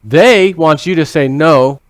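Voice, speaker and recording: A man from the United States talking through a casual video monologue, with a medium pitch and a dry, close sound. He rambles and repeats words for emphasis, swears casually, and acts out his own thoughts as quoted voices. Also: moderate pace, dry recording. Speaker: vlogger.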